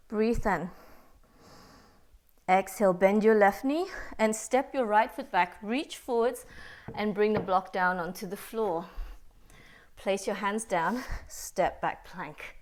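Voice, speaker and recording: A woman yoga teacher guiding a class through poses and breaths, calm and steady, a little out of breath. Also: fairly high pitch. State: slightly out of breath. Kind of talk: guided yoga class instruction.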